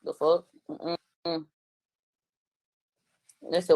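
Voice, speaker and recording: A woman's voice: medium pitch, normal speed, no echo. A woman, a guest commentator on a livestream, talking bluntly and combatively in casual chat.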